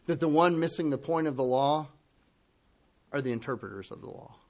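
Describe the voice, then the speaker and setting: A male pastor preaching an expository sermon, earnest, swinging from hushed lines to raised ones as he acts out quoted voices. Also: fairly high pitch.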